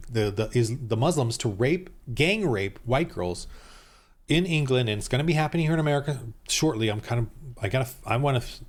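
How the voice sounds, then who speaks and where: A man in the middle of an angry rant on his own video channel, sitting at a mid pitch for a man. He keeps tripping over restarts and repeated words. His tone lurches from raised, indignant outbursts to low muttered asides. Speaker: YouTube channel host.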